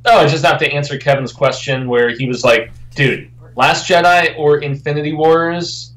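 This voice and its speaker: A man's voice: fairly high pitch, fairly even intonation, normal speed, fairly bright tone, poor audio. A man co-hosting a casual livestream chat, laid-back and agreeable. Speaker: podcast co-host.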